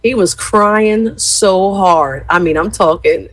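A woman's voice: mid-range voice, animated, slow pace, slightly rough, no room sound, rough recording. A woman in her fifties telling a rambling family story to her viewers, chatty, with lots of fillers and "y'all". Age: 50s. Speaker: former gospel radio host.

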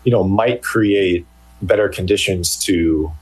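Husky-voiced man, hesitant guest. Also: low voice, unhurried, poor audio. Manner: hesitant, many fillers and restarts. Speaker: journalist guest. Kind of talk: interview answers.

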